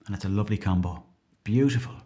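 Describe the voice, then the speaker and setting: A man's voice: fairly low pitch, fast talker, warm tone. A man with an Irish accent hosting a comedy podcast in a rambling, chatty, self-mocking monologue. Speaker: podcast host.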